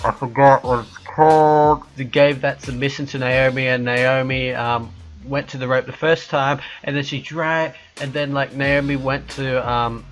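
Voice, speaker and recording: A man's voice: mid-range voice, fairly bright tone. A young man casually reviewing wrestling matches on his own show, rambling and joking, often correcting himself mid-sentence. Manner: rambling, quick, jokey with self-corrections. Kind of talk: casual solo review chat.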